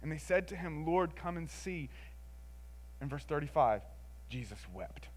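A man preaching a sermon in an expressive, conversational way, moving between emphatic lines and hushed ones and often adding "like" and "right?". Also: on the high side, normal speed.

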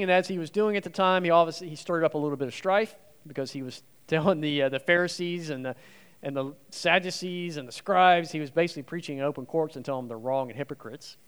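A man's voice: fairly high pitch, a bit bright. Earnest man preaching in a reverberant hall. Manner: earnest, emphatic, acts out quoted speech. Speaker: guest preacher. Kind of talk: conversational sermon. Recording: long reverb of a large hall.

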